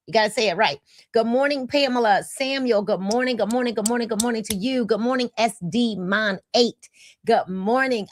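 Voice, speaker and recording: A woman's voice: on the high side, no room sound, clean studio sound. A woman, hosting a casual livestream and greeting viewers by name in an upbeat way. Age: 50s. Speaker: host of a livestream.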